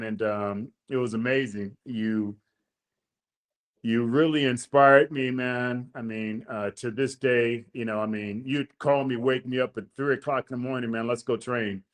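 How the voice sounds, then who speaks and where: A man hosting a podcast, casually telling a long story in slangy talk, acting out the quotes. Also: mid-range voice. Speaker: podcast host.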